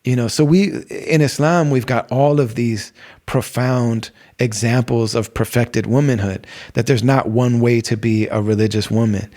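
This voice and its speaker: A man's voice: medium pitch, fairly even intonation, moderate pace, darkish tone. A middle-aged man hosting a podcast, talking casually about faith and wandering off with lots of fillers and restarts. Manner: rambling, many fillers and restarts. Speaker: podcast host. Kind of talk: casual religious talk.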